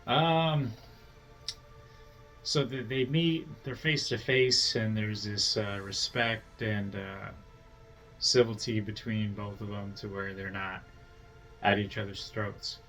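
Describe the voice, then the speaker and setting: A man co-hosting a podcast, talking in a halting, hesitant way full of fillers. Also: on the low side, level tone, fairly bright tone, soft background music. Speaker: podcast co-host. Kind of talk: casual chat.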